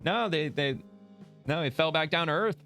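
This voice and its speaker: A man's voice: fairly high pitch, animated, moderate pace, sharp tone, clear, resonant tone, faint music behind. A man hosting casual political reaction commentary, blunt and profane, rambling and laughing as he talks. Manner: rambling with many restarts.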